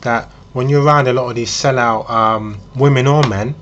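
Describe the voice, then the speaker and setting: A man's voice: medium pitch, fairly even intonation, normal speed, a bit bright, muffled recording, slight background noise. A man talking in a casual, rambling monologue, speaking to the listener as "you" and using frequent ums. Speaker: vlogger.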